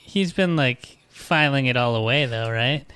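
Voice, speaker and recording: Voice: mid-range voice, a little slow, fairly bright tone, clean tone, no room sound. A podcast co-host reacting to a story with wry, sarcastic quips. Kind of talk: casual chat, reacting.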